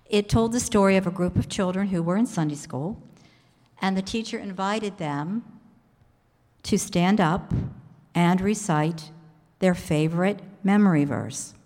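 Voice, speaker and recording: A woman pastor preaching a sermon in a church sanctuary, telling stories in a measured way with pauses. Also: medium pitch, a little mellow. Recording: echoey hall reverb.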